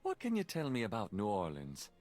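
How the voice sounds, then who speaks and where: A probing investigator working through his questions in a mystery adventure game. His pitch swings very widely while he talks, and faint music runs behind him. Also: huge pitch swings, a little fast, darkish tone. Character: investigating writer questioning people, posing as a priest. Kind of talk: voiced game dialogue.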